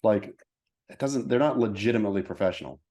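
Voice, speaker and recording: Male podcast co-host, lower voice, playful and rambling in casual chat. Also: fast talker, mellow. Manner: laughing, playful, rambling storyteller.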